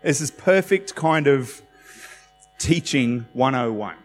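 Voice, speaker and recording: A man's voice: medium pitch, expressive, slow. Conversational male pastor in echoing hall. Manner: conversational, self-deprecating, acts out quotes. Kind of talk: sermon. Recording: long hall reverb with faint music.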